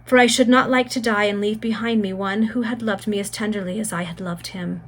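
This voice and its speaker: A woman's voice: medium pitch, fairly even intonation, a little fast, natural voice. A frail young maiden on her deathbed speaks with earnest, rising fervour, read by a woman. Her lines come in a plain storybook reading voice, tender and prophetic. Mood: fervent.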